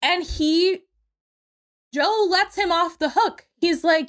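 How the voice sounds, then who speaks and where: Speaking slowly in a very high-pitched voice, a young woman who co-hosts a podcast walks through a movie's plot in a relaxed way, doing spirited voices for quotes and swearing now and then.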